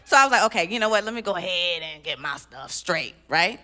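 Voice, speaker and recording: A woman performing a stand-up comedy set on a church stage, with punchy, animated delivery and sudden loud exclamations. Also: on the low side, fairly quick, a faint crowd. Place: live stage at a church event.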